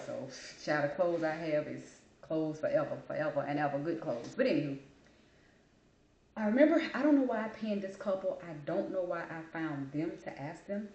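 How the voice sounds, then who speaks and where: A woman's voice: low voice, darkish tone, a little hiss or hum. Chatty woman host, roomy sound. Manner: chatty, storytelling, Southern colloquial phrasing. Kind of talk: casual monologue. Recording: echoey room, dull lo-fi sound.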